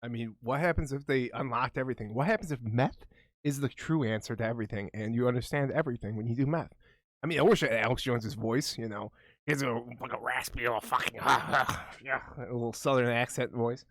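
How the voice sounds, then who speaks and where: A man's voice: medium pitch, a little fast, a bit bright, no room sound. A young man co-hosting a podcast, rambling and swearing in mock-conspiratorial casual chat. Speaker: podcast co-host.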